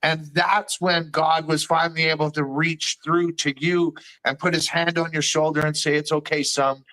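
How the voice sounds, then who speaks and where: A man's voice: on the high side, flat delivery, moderate pace, pushed and bright, rough recording. A man co-hosting a podcast, talking in a casual, reflective way and encouraging his partner with short replies. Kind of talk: casual conversation.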